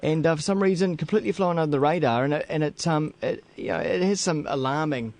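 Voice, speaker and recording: A man's voice: on the high side, fast, a little mellow. A man hosting a casual radio interview, conversational and prone to restarting his words. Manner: conversational, repeats words when starting. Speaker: radio host.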